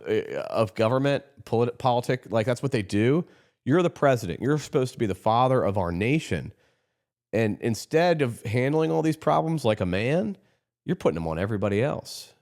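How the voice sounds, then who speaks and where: An adult man who runs his own company hosts a podcast, speaking in a mid-range, slightly mellow voice with lively intonation at a moderate pace. His political monologue is rambling and heated, with frequent restarts.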